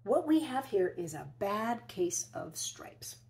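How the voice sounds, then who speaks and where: A woman playing a bright, kind old lady healer. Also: a little high, big pitch swings, moderate pace, vocal fry. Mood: knowing. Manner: bright and gently knowing.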